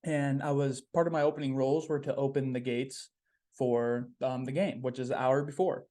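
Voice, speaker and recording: A man's voice: medium pitch, fairly even intonation, moderate pace, mellow. A young man hosting a podcast, talking in a casual, upbeat, rambling way with plenty of "um"s and repeated phrases. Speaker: podcast host. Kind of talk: casual solo podcast monologue.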